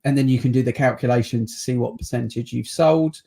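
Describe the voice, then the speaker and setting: A man's voice: medium pitch, brisk, creaky, dark tone. Chatty man hosting a video call. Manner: chatty, teasing. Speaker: podcast host, estate agent. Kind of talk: casual chat.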